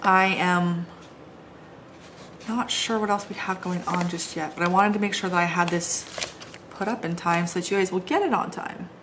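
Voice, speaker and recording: A middle-aged planner vlogger sits on the floor at home, decorating her planner while chatting casually and poking fun at herself. Her voice is lowish and fairly bright, with a steady tone and moderate pace, and there's a little hiss or hum. She rambles as she goes.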